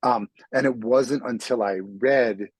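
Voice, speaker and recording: Husky-voiced man telling stories. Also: mid-range voice, slow pace, no room sound, poor audio. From New York City. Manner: self-deprecating storyteller with frequent restarts. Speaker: author and guest. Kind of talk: casual interview conversation.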